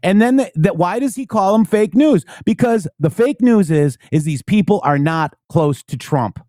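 A man's voice: sits high, expressive, moderate pace, mellow, no echo, studio quality. A man co-hosting a casual political talk stream, talking emphatically with many rhetorical questions. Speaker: co-host.

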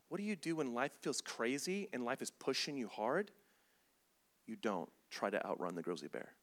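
Male pastor, sermon delivery; bright, lively, comedic storyteller who slips into mini-scenes. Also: mid-range voice. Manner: animated, comedic, acts out scenes with voices.

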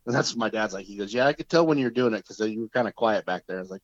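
A man telling a story in a relaxed, casual way, often chuckling and raising his voice to act out what others said. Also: very fast, hardly any pauses, no room sound, dull audio. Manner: laid-back, chuckling, acts out quotes in a higher voice. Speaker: guest mechanic.

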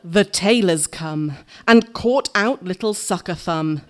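A woman's voice: fairly low pitch, slow, background noise. A woman performing a dramatic verse reading live on a theatre stage, playful and laughing between lines.

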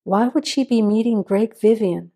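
A woman reading a crime story aloud in steady, even scripted narration. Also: a little high, normal speed, slightly rough.

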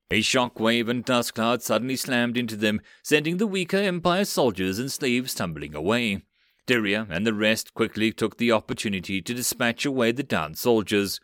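A man reading a web novel audiobook in an animated narration style. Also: mid-range voice, normal speed, no echo, studio quality.

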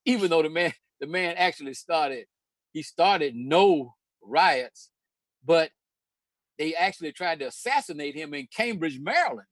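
A man's voice: a little high, animated, unhurried, fairly bright tone, no room sound. An older man from North Carolina, hosting a casual talk and telling stories with many restarts and laughs. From Charlotte, North Carolina, USA. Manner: storytelling, hesitant with many restarts, laughs often. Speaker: host.

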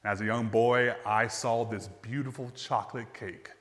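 Brief: man, pastor, conversational sermon, mid pitch, soft trailing phrase ends, long church reverb. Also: fairly even intonation. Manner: conversational storyteller who drops to quiet, slow phrase endings. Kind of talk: sermon with personal storytelling. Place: church sanctuary.

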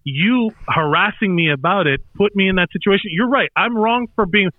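A man's voice: sits high, moderate pace, no room sound. A man co-hosting a casual podcast, arguing his point with lots of fillers and restarts. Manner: argumentative, hedging with fillers. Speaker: podcast co-host. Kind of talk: casual chat. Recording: tinny phone-like line.

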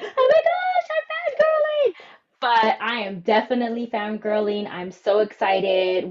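A woman co-hosting a podcast in casual chat, animated and quick to play up her excitement. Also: medium pitch, muffled recording. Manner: animated, quick to jump into exaggerated voices. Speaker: podcast co-host.

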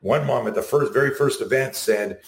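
A middle-aged man being interviewed, talking in an animated way and acting out the quotes in his stories. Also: mid-range voice, normal speed, gravelly. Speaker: guest. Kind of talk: casual interview. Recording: roomy echo.

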